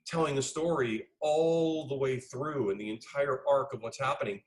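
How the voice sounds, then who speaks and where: Middle-aged male director, interview guest, animated raconteur who acts out every quoted line, mid-pitched voice. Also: moderate pace, rough recording. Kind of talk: casual interview storytelling.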